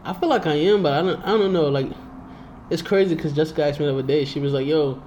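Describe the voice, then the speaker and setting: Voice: mid-range voice, fairly even intonation, quick pace, darkish tone, a little hiss or hum. A podcast co-host in casual chat, blunt, playful and slangy.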